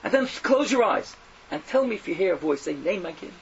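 A man giving a fiery sermon, mocking and animated, swinging from loud outbursts to hushed asides, on a dull lo-fi recording. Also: high-pitched, a little fast, creaky. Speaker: preacher. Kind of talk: fiery Yiddish-laced sermon. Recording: dull lo-fi recording with faint noise.

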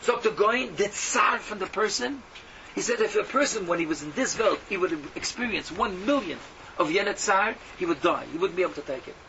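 A man giving a sermon to a class, mixing in Yiddish and Hebrew terms and swinging from hushed tones to loud exhortation. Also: sits high, brisk. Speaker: Torah teacher. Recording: dull lo-fi audio from a distance with faint hum.

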